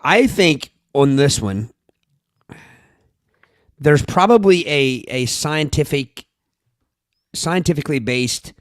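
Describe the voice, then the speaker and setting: A man's voice: a little high, expressive, slow, long pauses, no room sound, clean studio sound. A man co-hosting a podcast, chatting casually and reasoning things out. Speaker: podcast co-host. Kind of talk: casual chat.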